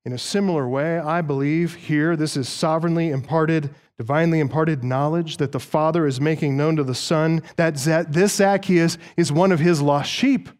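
A man's voice: fairly high pitch, steady tone, normal speed, few pauses, a little mellow, clean tone. A man preaching an expository sermon, earnest and emphatic, with occasional dry asides to the congregation. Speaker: pastor.

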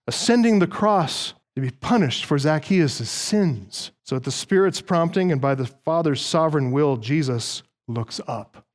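A man's voice: on the high side, a little mellow. A man preaching an expository sermon, earnest and emphatic, with occasional dry asides to the congregation. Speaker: pastor.

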